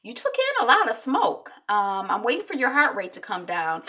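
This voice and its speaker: A woman giving a calm doctor's lines in her own voice, measured and clinical. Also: fairly high pitch, pitched above the performer's own voice, heavily acted. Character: calm matter-of-fact adult doctor.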